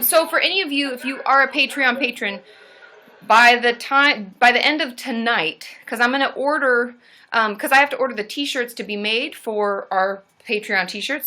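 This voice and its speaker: A woman hosting a live stream as a therapist, chatting casually and getting loud and excitable as she cheers. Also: on the high side.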